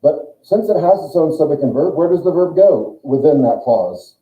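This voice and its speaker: A man's voice: on the high side, expressive, normal speed. A man teaching a German grammar class, explaining step by step and thinking aloud. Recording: echoey room on a tinny lo-fi recording.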